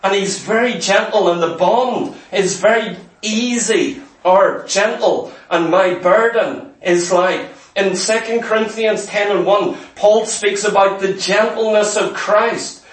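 A man preaching a sermon earnestly, sometimes dropping to a hushed, tender voice. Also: high-pitched, slow, hardly any pauses, echoey room, distant mic, poor audio.

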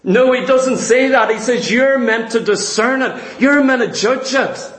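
High-voiced preacher with echoing rhetorical questions. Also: male voice, measured pace, fairly bright tone. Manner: emphatic, asks and answers his own rhetorical questions. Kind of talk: sermon.

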